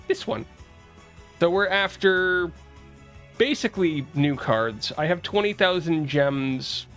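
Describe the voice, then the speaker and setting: A young male streamer from the East Coast of the US, chatting casually with his viewers and greeting them as their messages come in. His voice sits a little high for a man. Faint music plays behind him. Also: a bit bright. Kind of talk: casual livestream chat.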